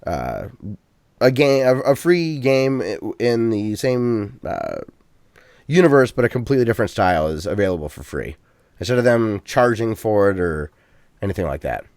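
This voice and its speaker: A man's voice: lowish voice, big pitch swings, a little mellow, dry recording. Easygoing male podcast host, dry sound. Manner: easygoing, halting, with frequent restarts. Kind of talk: casual gaming podcast chat.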